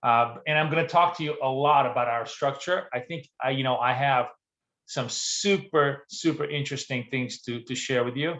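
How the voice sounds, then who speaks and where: A man's voice: mid-range voice, normal speed, fairly bright tone, reverberant. Rambling man hosting a live trading stream. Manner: casual, rambling, lots of fillers and restarts; greets viewers by name from the chat. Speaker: trading show host.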